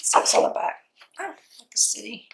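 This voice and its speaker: A woman's voice: fairly quick, a bit bright, low-quality recording. A woman unboxing a scrapbook kit in casual vlog commentary, gushing and cooing over each item, her voice a little worn as if she is losing it.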